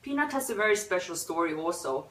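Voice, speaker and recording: A woman hosting a pet memorial livestream, talking unscripted in a teary, soft-hearted way with sighs and pauses. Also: fairly low pitch, expressive. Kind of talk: unscripted emotional talk. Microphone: phone or webcam. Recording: roomy echo, a bit far from the mic.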